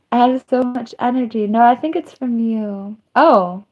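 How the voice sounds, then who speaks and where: Lady streamer rambling to chat real slow, drawn out, goofy and self-mocking, squeals here and there. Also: fairly high pitch, lo-fi sound. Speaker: live streamer. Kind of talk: casual livestream chat.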